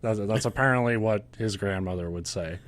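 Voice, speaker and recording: A man's voice: fairly low pitch, fairly quick. A man hosting a podcast, retelling a ghost legend in casual chat with a sarcastic, profane manner and frequent laughs. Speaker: podcast host.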